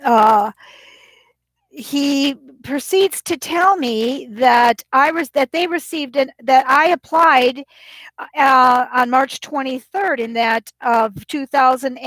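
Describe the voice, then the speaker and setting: A woman's voice: high-pitched, takes it slowly, a bit bright, no room sound. A woman vlogger retelling a phone call in an agitated, rambling way, often quoting both sides. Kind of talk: casual vlog rant.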